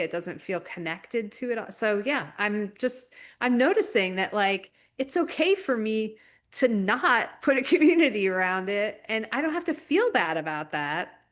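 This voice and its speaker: A woman co-hosting a casual spiritual chat podcast, talking reflectively in halting, searching phrases. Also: medium pitch. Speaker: podcast co-host.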